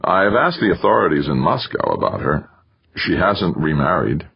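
Man doing a terse weary exiled engineer, low, raspy, dry lo-fi audiobook. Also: big pitch swings, normal speed, full character voice. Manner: terse, restrained.

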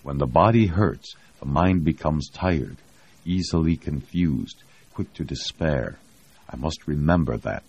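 A man voicing a weary but resolute cosmonaut commander in an audiobook, with gruff, measured orders. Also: extremely low pitch, lively intonation, a little mellow, exaggerated voice. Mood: brooding. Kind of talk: audiobook reading. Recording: dull lo-fi audio.

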